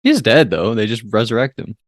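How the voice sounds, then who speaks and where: A man in relaxed conversation on a film podcast, retelling movie scenes with an easy laugh. His pitch moves about freely, and the recording is dry and close to the mic. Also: fairly quick, dry recording. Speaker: podcast co-host. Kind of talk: casual film review chat.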